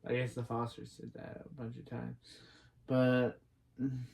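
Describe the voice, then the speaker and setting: A man's voice: medium pitch, monotone, a little slow, vocal fry, darkish tone. A man casually recapping a TV episode, reading out the characters' lines and adding his own puzzled asides. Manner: chatty, reads characters' lines aloud between puzzled asides. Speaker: TV episode reviewer.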